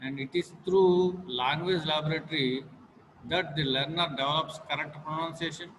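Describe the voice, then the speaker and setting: A man teaching a class, repeating phrases and pausing often with fillers. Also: fairly high pitch, fairly even intonation, in a large hall, noisy background. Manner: repetitive, halting with many fillers. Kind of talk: classroom lecture.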